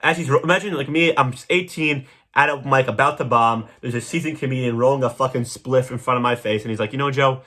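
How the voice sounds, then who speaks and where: A young man hosting a podcast, delivering a crude, rambling comedic monologue with sudden loud jumps. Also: mid-range voice, quick pace. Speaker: podcast host.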